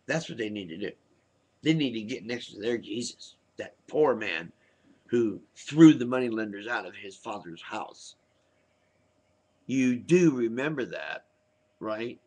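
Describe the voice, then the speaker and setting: A man's voice: on the high side, slightly rough. A man ranting heatedly into his webcam, combative and cursing, firing rhetorical questions at his viewers. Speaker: vlogger. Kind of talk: angry webcam rant.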